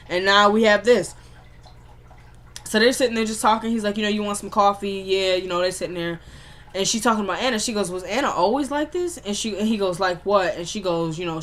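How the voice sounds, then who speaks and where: A woman's voice: mid-range voice, fairly bright tone. Chatty woman recapping a TV episode. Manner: chatty retelling, acting out characters' lines in quick back-and-forth; slangy, loose speech.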